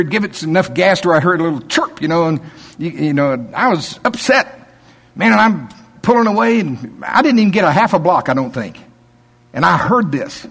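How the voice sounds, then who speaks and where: Folksy preacher man with a husky voice. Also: on the high side, big-room sound. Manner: folksy storytelling with laughter and quoted voices. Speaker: pastor. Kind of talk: sermon.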